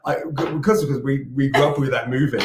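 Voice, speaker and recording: A man's voice: medium pitch, steady tone, fast, background noise. A man co-hosting a casual spiritual livestream chat, affectionately greeting viewers as darling. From England. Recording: echoey room.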